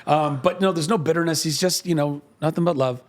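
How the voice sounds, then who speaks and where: A man in his forties tells a personal story about a film, his voice pitched a bit high. He talks in an animated, emotional way, full of fillers and restarts. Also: brisk. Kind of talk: casual storytelling.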